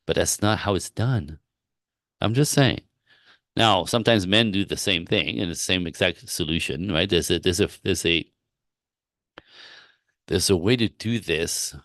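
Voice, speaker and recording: A man working as a relationship coach, giving advice in a live-stream Q&A with animated, rambling storytelling and frequent laughs. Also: low-pitched, a little slow, pauses often, no room sound, clean studio sound.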